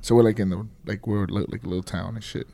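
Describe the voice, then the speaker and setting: A man's voice: on the low side, fairly even intonation, quick pace, creaky, warm tone. A young man from Mexico in a casual podcast chat who teases the others with probing questions. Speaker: podcast co-host.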